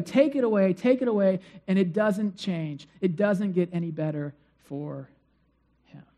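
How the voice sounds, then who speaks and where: Emphatic preacher with swinging loudness. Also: medium pitch. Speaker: pastor. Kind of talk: sermon. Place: church before a congregation.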